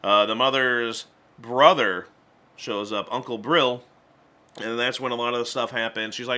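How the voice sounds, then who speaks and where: Bright-voiced chatty man reviewing movies. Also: mid-range voice, fairly even intonation, normal speed. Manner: chatty, stumbling restarts, acts out character lines in voices. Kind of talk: casual spoken movie review.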